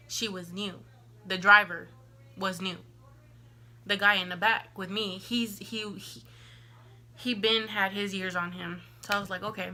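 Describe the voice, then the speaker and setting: Bright-voiced chatty young woman vlogger. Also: mid-range voice. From Texas. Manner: chatty, animated, lots of "like" and acted-out quotes. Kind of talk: casual storytime.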